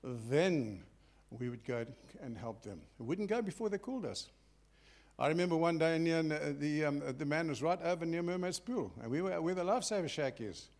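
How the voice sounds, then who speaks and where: An older man delivers a sermon like a story told among friends. His voice sits a little high for a man, and it often sinks to a quiet murmur at the end of a point. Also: lively intonation, moderate pace. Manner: storytelling, conversational with sudden soft drops. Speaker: preacher.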